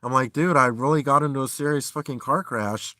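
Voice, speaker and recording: A man live-streaming from inside his van, ranting angrily and swearing, his voice swinging between loud outbursts and low, tired muttering. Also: brisk, dry recording. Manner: heated and profane, swings from shouting to low muttering. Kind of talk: angry live-stream rant.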